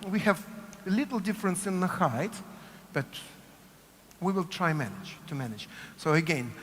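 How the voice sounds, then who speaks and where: A man's voice: sits high, sing-song, moderate pace, fairly bright tone. Russian-accented man coaching dance in a hall. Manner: coaching rhythmically, repeats cue words, asks "yes?" often. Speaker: dance teacher. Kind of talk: dance workshop instruction. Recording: long hall reverb, faint room noise.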